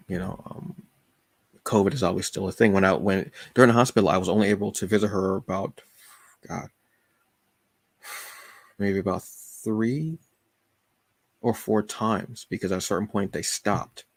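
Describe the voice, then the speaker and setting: A man with a deep, gravelly, slightly husky voice tells a personal story on his podcast. He speaks in an emotional, confessional way, full of fillers and restarts, and the recording is dry and close. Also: no room sound. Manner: halting, with many fillers and restarts. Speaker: podcast host.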